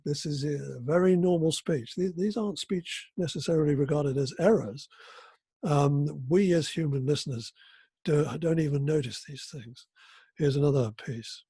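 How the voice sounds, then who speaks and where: An older man giving an academic conference keynote, talking haltingly with many fillers and restarts. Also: a little high, mellow, slightly rough, dry recording. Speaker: keynote speaker.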